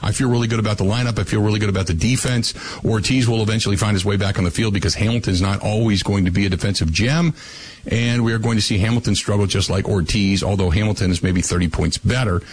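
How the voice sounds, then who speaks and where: A man's voice: on the low side, fairly even intonation, quick pace, a little hiss or hum, low-quality recording. A man hosting a call-in radio talk show, blunt and wry, reading out listener messages and giving his own takes.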